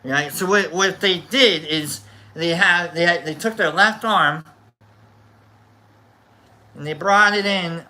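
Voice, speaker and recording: A man with a high-sitting voice hosts a casual chat show, speaking slowly and pausing often. Bright and forceful in tone, he wanders, cuts himself off and adds jokey asides.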